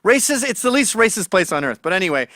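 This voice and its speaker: A man hosting a sarcastic comedy rant, mocking as he goes. His voice rides a little high and swoops around a lot. The recording is close and dry. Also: big pitch swings, fast, pushed and bright, no echo. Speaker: host.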